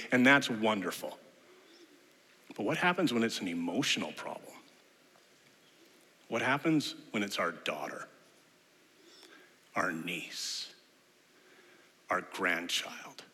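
A man preaching a sermon as pastor, an animated storyteller who acts out the voices in his examples. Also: mid-range voice, measured pace, long pauses, slightly rough, long reverb tail.

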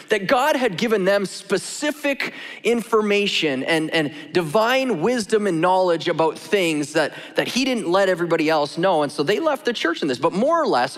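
A man preaching with a high, lively voice that rises and falls freely, casual and joking in tone. He speaks in a church sanctuary where a long hall reverb trails every phrase. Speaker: pastor. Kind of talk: sermon.

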